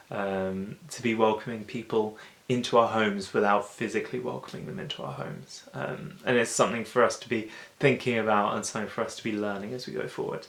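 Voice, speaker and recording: A man giving an informal, chatty Bible talk as host of a daily video show, slipping into quick acted-out asides. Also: lowish voice, fairly bright tone, roomy sound. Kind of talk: casual Bible teaching.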